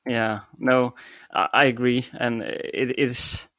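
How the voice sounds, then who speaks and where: A man's voice: medium pitch, level tone, takes it slowly, bright, forceful tone, no echo, clean studio sound. A man co-hosting a podcast in casual chat, talking with hesitant ums and restarts, Danish his first language. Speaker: podcast co-host.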